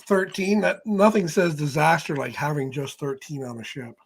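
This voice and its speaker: A man from Canada co-hosting a casual livestream over a video call. His voice is a little husky and pitched slightly high, and he answers the host with quick, teasing comebacks.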